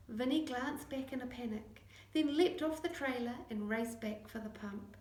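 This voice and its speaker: A woman narrating a children's chapter book, acting out the dialogue in lively voices. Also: on the high side, moderate pace, few pauses. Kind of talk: audiobook reading. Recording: echoey room.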